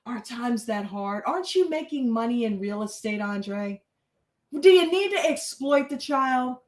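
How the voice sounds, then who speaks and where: A woman's voice: fairly high pitch, expressive, a little slow, roomy sound, rough recording. A woman hosting a casual reality TV recap, blunt and chatty, swearing freely. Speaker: reaction show host.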